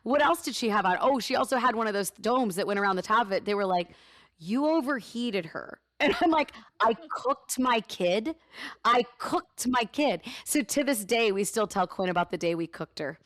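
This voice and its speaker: Animated woman in her thirties telling stories. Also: medium pitch, brisk, no room sound, clean studio sound. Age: 30s. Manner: animated storyteller, acts out voices in quotes, laughs often. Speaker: guest, morning radio host. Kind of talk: casual interview chat, storytelling.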